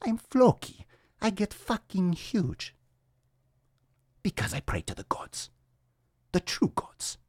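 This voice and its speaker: A man voicing a boastful Viking warrior who mocks Christians, in slow, drawn-out, gruff bragging. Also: a little high, huge pitch swings, darkish tone, no echo, studio quality, pitched above the performer's own voice, heavily acted.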